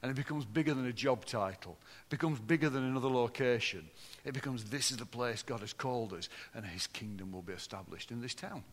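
A man preaching a sermon to a congregation, swinging between loud, lively passages and low, hushed ones. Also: a little fast, few pauses. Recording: long hall reverb.

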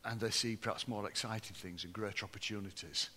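A man preaching a sermon to a congregation, swinging between loud, lively passages and low, hushed ones. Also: quick pace. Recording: long hall reverb.

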